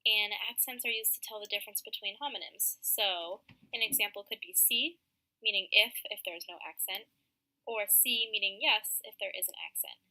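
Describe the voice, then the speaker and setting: A woman's voice: mid-range voice, steady tone, fairly quick, sharp tone, low-quality recording. A young woman narrating a slideshow presentation for a class, reading from her slides with frequent ums.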